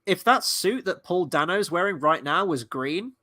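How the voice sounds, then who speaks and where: A man with a fairly high, bright, forceful voice talks through a live awards watchalong. He is chatty and excitable, swearing freely as he reacts. His voice sounds close and dry. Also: normal speed, no room sound. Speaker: livestream host and movie reviewer. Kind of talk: casual live watchalong commentary.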